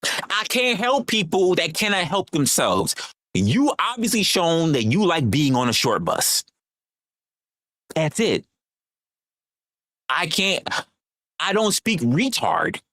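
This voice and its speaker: Streamer scolding a viewer, profane and relentless, animated pitch, dry close sound. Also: slow, long pauses, dry recording. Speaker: livestream host. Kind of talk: heated livestream rant.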